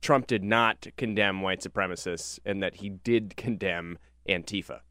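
Low, bright-voiced man on a panel. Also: smooth, no echo, clean studio sound. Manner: quick, offhand, with fillers. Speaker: political journalist guest. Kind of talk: casual political talk.

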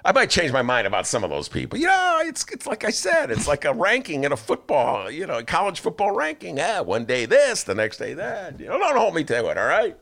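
Sarcastic, animated male talk host. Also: fairly high pitch, fairly quick, gravelly, hardly any pauses. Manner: sarcastic, animated, laughs often. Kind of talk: political talk radio commentary.

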